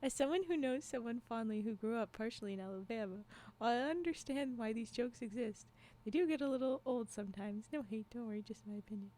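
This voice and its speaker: A fairly high-voiced woman chats loosely with her live audience, drifting between thoughts and restarting sentences. She giggles often as she reacts to her viewers. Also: fast talker, mellow. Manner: rambling, giggly, laughs often; frequent restarts and trailing asides. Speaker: livestream storyteller. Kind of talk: casual chat with live viewers.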